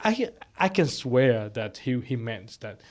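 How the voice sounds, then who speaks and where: A man's voice: medium pitch, very animated, slow pace, darkish tone. A man co-hosting a podcast, talking casually about a film and stumbling over his words as he recaps the plot. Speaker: podcast co-host.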